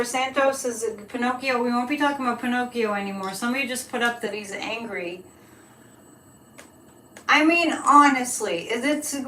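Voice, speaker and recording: A woman's voice: high-pitched, pushed and bright, distant mic. A woman hosting a casual live stream, chatty and opinionated, rambling as she answers viewer comments. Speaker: psychic livestream host. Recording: echoey room, voice a bit off-mic.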